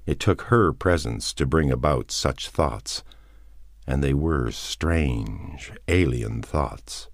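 A man narrating an audiobook in a measured, expressive reading. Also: a bass voice, no room sound, clean studio sound. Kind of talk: scripted narration.

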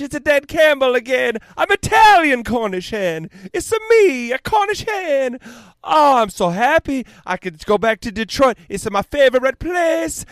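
A boisterous male cartoon Cornish hen with a thick put-on Italian lilt, as a man hams it up. He shouts high above his own voice, bouncing wildly up and down. The tone is bright and dry. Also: no echo, heavily acted. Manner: shouted, exaggerated sing-song Italian put-on.

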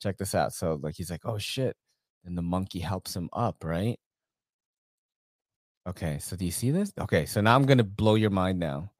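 A man hosting a casual podcast, chatting loosely and shouting out viewers in the chat. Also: low voice, normal speed. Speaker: podcast host.

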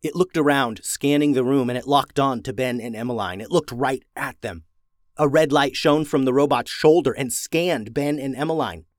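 A man reading a children's adventure story aloud, expressive and slowing down for suspense. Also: medium pitch, no echo, clean studio sound.

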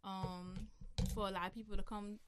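A young adult woman with a New Orleans accent, answering interview questions in a relaxed, casual way with local slang and frequent laughs. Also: mid-range voice, moderate pace, slight background noise. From New Orleans, USA. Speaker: interview guest.

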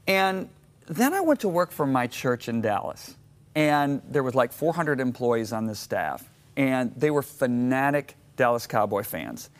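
A middle-aged Michigan man, a guest author on an interview show, tells a personal story and acts out his own reactions with animation. His voice is mid-range and a little slow.

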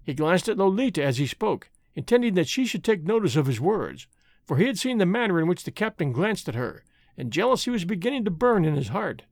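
A man narrating a classic adventure novel as an audiobook, with an expressive, measured reading. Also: high voice, no echo, studio quality.

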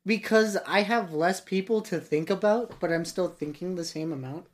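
A man's voice: sits high, normal speed. A man co-hosting a casual podcast chat with a dry, teasing, blunt way of talking. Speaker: podcast co-host.

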